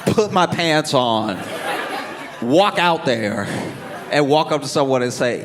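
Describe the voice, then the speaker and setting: A man's voice: medium pitch, animated, slow, long pauses, a crowd in the background. A male stand-up comedian telling a story on a club stage and acting out his own inner voice. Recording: live club recording with audience noise.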